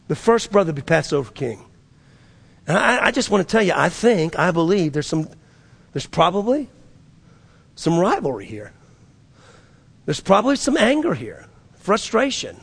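A male pastor preaching with a high, gravelly voice. He swings between loud, drawn-out exhortation and low, quiet asides, acting out the people in his stories. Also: big pitch swings. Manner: preaching with dramatic swings, quoting figures in voices. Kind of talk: sermon.

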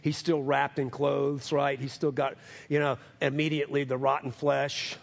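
Male pastor, husky voice, sermon delivery with big swings from loud to hushed. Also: little pitch movement, moderate pace. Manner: rising to emphatic highs, dropping to hushed lows; calls for amens from the congregation.

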